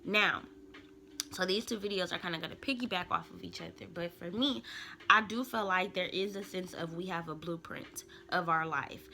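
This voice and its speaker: A woman's voice: lowish voice, moderate pace, creaky, pushed and bright. A young woman, a tarot reader, chatting casually and loosely to her viewers in slangy, rambling talk. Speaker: tarot reader and spiritual vlogger. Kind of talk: casual rambling smoke-session chat.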